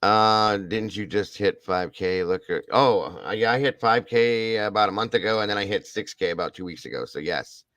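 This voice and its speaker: Deep-voiced man effusively thanking his viewers. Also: normal speed, hardly any pauses, fairly bright tone, dry recording. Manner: emotional, effusive, repeats thanks and praise. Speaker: livestream host. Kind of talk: casual livestream chat thanking viewers.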